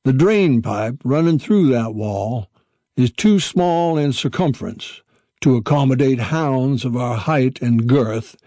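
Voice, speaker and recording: A man's voice: medium pitch, animated, takes it slowly, warm tone, dry recording. A man voicing a formal, self-assured old male dog who speaks in stately, old-fashioned phrases. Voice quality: pompous, old-fashioned diction.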